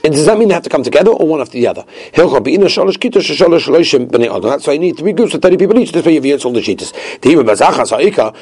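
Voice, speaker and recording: A man giving a daily Talmud lesson, lecturing quickly and mixing Hebrew and Aramaic terms into his English. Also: a little high, animated, a little mellow, slightly rough. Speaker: Talmud teacher.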